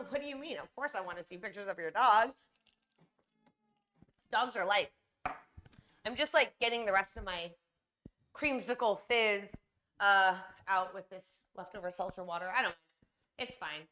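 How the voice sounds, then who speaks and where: A woman's voice: medium pitch, normal speed, long pauses, bright, forceful tone. A young woman from California chatting casually and rambling to her viewers on a live stream while she bakes.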